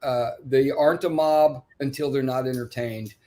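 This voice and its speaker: A man comedian on a panel, making his point with punchy, drawn-out emphasis. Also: medium pitch, steady tone, dark tone. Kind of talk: casual panel discussion.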